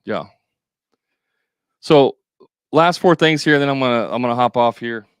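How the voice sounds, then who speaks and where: Guy running a chatty coaching livestream, smooth lowish voice, dry close sound. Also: a little slow, no room sound. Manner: chatty, talks straight to viewers with joking asides. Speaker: business coach for contractors.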